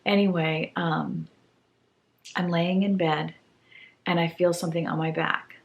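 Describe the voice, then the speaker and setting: A woman from tells a home story in a relaxed vlog. Her voice sits on the lower side for a woman. She slips into the voices of the people she quotes and sounds a little tired. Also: measured pace, highs cut off. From Maine. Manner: animated storyteller who acts out quoted voices. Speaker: home declutter vlogger.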